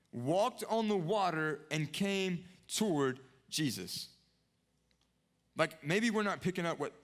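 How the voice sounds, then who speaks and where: A young adult man preaching a sermon earnestly, repeating phrases, rising to emphatic peaks and dropping to hushed lows. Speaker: pastor.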